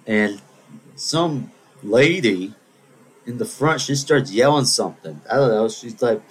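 A man's voice: medium pitch, lively intonation, unhurried, slight background noise, poor audio. A man hosting a podcast, telling a story in a casual, digressive monologue with wry asides. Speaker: podcast host.

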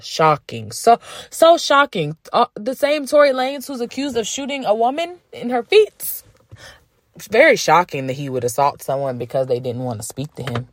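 A woman's voice: mid-range voice, fairly bright tone, no room sound, clean studio sound. A woman hosting a casual celebrity gossip podcast, brash and profane, ranting and joking. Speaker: podcast host.

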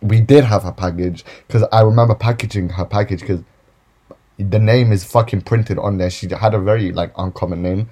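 A man's voice: lowish voice, steady tone, moderate pace, warm tone. A young man, ranting casually and profanely about customers while telling retail stories for a podcast. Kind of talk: casual storytime rant.

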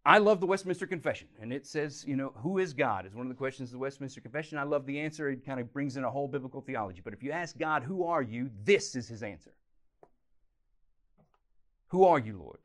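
A man's voice: mid-range voice, quick pace, hardly any pauses. Man preaching with big swings in volume. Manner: animated, swings from loud emphasis to quiet intensity. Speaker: pastor. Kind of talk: sermon teaching series.

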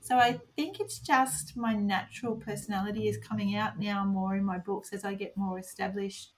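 A woman's voice: mid-range voice, steady tone, moderate pace, slight background noise. A woman with an Australian accent, a guest author chatting in a casual podcast interview, giggly and sarcastic as she tells stories.

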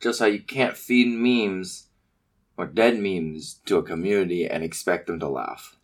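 A man's voice: low voice, fairly even intonation, unhurried. A man co-hosting a podcast in casual, joking chat with many fillers. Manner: laid-back, joking, lots of fillers. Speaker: podcast co-host.

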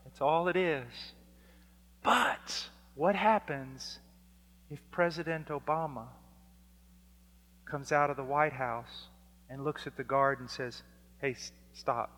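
A man preaching a fiery sermon, dropping to a hush and then rising to shouts as he acts out exchanges. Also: a little high, slow, long pauses. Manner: swings from hushed to shouting, acts out dialogues. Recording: long hall reverb.

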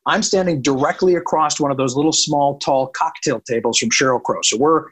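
A man's voice: on the high side, fairly quick, breathy edge, rough recording. A man who works as a country radio programmer, telling a long anecdote in casual talk and acting out the dialogue. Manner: animated, quotes people in dialogue.

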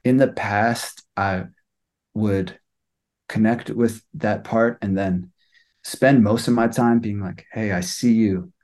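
Young man, slightly low voice, reflective personal sharing, hesitant with lots of fillers. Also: steady tone. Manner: soft-spoken, halting, many fillers. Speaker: student sharing experience.

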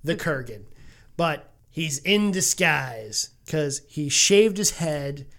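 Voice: mid-range voice, animated, slow pace, creaky, a bit bright. A podcast co-host in a casual group chat, retelling a movie plot in run-on bursts and laughing often.

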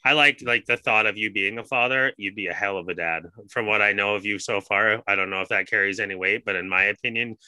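Guy hosting a podcast, bright punchy voice, curses a lot, dry close mic. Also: lowish voice, steady tone, quick pace, hardly any pauses, clear, resonant tone, no room sound. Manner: swears often, ranting storyteller. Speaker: podcast host. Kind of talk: casual podcast chat.

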